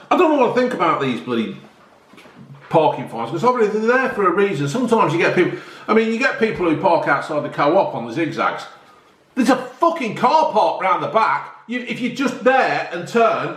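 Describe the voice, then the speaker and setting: A middle-aged vlogger with a fairly high, somewhat bright voice chats casually in an echoey room. He reviews newspaper stories, firing off blunt, sweary, ranting reactions.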